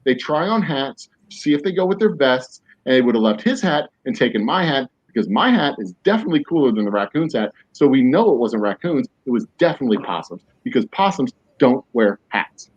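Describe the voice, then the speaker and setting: Jokey rambling man with a lively voice. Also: medium pitch, fairly quick, few pauses. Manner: rambling, jokey riffing with mock-serious tangents. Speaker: podcast host. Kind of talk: casual chat. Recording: dull lo-fi, dry.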